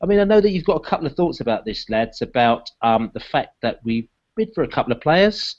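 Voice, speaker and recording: Football podcast host, leads the chat, mid-pitched, dull lo-fi sound. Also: male voice, very animated, brisk. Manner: leads the talk, hands questions to the panel.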